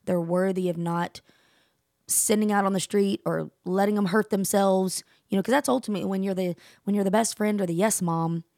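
Woman podcast host in her 40s, gravelly voice, dry sound, talks with lots of emphasis. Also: mid-range voice, fairly quick, no echo. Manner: emphatic, animated storytelling. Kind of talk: casual chat.

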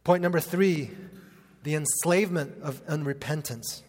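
A man's voice: a little high, measured pace, a little mellow. A man preaching a sermon, earnest and conversational, with casual fillers mixed into the teaching. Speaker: pastor. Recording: long hall reverb.

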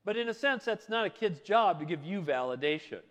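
A man's voice: high voice, animated, brisk, a bit bright, long reverb tail, muffled recording. A man preaching a sermon in a conversational way, full of rhetorical questions. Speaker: pastor.

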